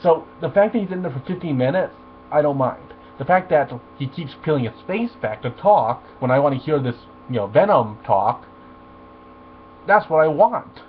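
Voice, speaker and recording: A man's voice: fairly high pitch, moderate pace. Guy ranting and cursing about a movie, tinny lo-fi mic with faint buzz. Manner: profane, animated ranting. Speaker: movie reviewer. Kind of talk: ranting film review. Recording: tinny phone-like audio with faint mains hum.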